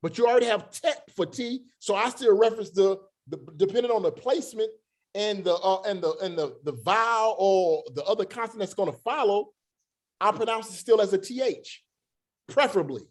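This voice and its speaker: A man teaching a Bible study in a relaxed, conversational way, with joking asides and slow, drawn-out emphasis. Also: high-pitched. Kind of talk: casual scripture teaching.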